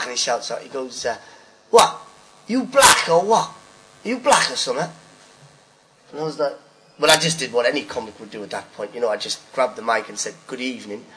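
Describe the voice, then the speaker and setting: A middle-aged man, a stand-up comedian, telling a rambling anecdote with animated acted-out voices. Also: medium pitch, noisy background. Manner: animated, acts out voices of hecklers and friends. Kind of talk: storytelling comic monologue.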